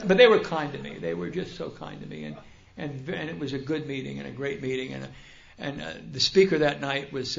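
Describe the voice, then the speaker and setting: A gravelly, fairly high voice from an older man who tells his own story with wry, self-mocking humor and lively bursts. He speaks to a large meeting hall, and the dull, roomy recording echoes around him. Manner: humorous, self-deprecating and animated. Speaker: speaker at a recovery convention. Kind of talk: personal storytelling talk.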